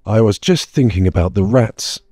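A man's voice: lowish voice, animated, normal speed, warm tone, husky, no echo, clean studio sound, faint music behind. A man doing a wary young adventurer. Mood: uneasy. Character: wary young male human adventurer, sardonic.

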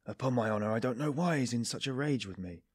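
A man's voice: medium pitch, expressive, fast, husky, no room sound, studio quality. A man narrating an audiobook, voicing a tense young man who speaks with feigned embarrassment. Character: guarded, tense young man, secretly scheming.

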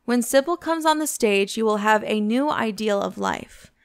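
A woman's voice: fairly high pitch, expressive, normal speed, clean tone. A woman voicing an eager, naive young man with a romantic, impassioned manner in an audiobook.

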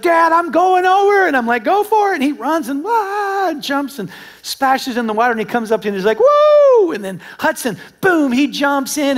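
Animated American pastor, high voice. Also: male voice. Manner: animated storytelling, acts out dialogue, swings between loud and hushed. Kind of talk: sermon. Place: church auditorium with live congregation.

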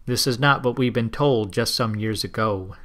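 A man's voice: mid-range voice, normal speed, a bit bright, natural voice. A man voicing a grave old tribal elder. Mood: protesting. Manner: broken, simple English.

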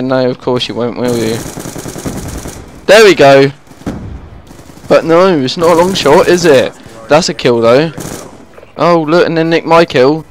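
A man's voice: fairly high pitch, unhurried, long pauses, slight background noise. A man giving live commentary over his own gameplay, easily exasperated and groaning whenever the game goes against him. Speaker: gaming channel host.

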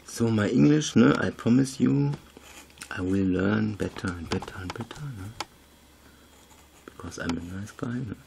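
A man's voice: fairly low pitch, unhurried, gravelly, long pauses, background noise. A man, chatting casually through a craft tutorial in broken English, rambling and laughing at himself. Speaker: video maker.

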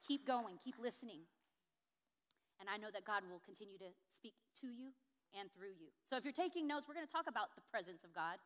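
A woman pastor preaching a sermon, expressive, building to emphatic high peaks. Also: brisk.

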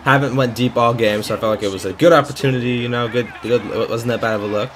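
A young man giving live, excitable commentary on his own football video game, swearing and shouting at the plays. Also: medium pitch, fast talker, a little hiss or hum. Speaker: gaming YouTuber.

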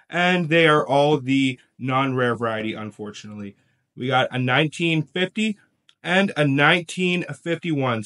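A man's voice: mid-range voice, a bit bright. A man hosting a coin collecting video, casually talking through his finds. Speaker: coin collecting channel host. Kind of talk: casual show-and-tell narration.

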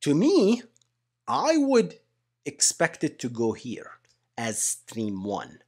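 A young adult man giving a casual whiteboard lecture on software engineering, conversational and animated, often tagging sentences with "right?" and addressing listeners as "guys". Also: a little high, takes it slowly, slightly rough.

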